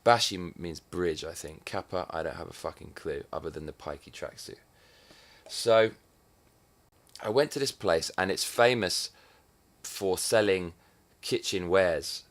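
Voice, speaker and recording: Very deep-voiced profane man from England. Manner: profane and sardonic, with swings in loudness. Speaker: vlogger. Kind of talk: casual comic monologue.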